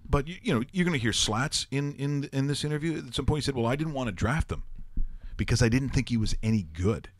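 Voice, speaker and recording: A man hosting a sports talk show, telling stories in a rambling, animated way and laughing often. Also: mid-range voice, fast talker. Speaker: host.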